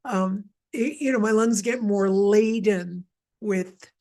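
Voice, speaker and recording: A woman from Montreal leads a guided wellness session. Her voice sits at a middle pitch, and she talks to listeners in a chatty, wandering way full of asides and restarts as she coaches them through breathing. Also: takes it slowly, mellow. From Montreal, Canada. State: mild asthma. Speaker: energy healer leading a session.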